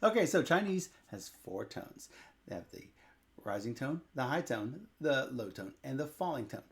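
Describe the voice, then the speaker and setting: A man's voice: mid-range voice, sing-song, moderate pace. A man from Tennessee, patiently teaching tones to his co-host with a teasing humor. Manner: patient, teasing, drills syllables. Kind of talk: casual teaching chat.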